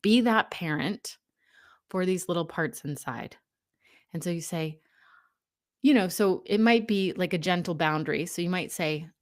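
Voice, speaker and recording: A young adult woman giving a casual spiritual talk, gently coaching listeners and acting out their inner dialogue in quoted lines. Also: on the low side, lively intonation, moderate pace. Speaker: host.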